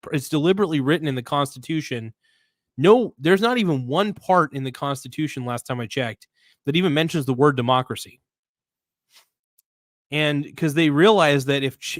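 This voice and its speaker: A livestream host with a medium-pitched male voice talks bluntly, with slang and swearing, reading viewer comments aloud and rambling through restarts. The sound is clean studio audio with no echo.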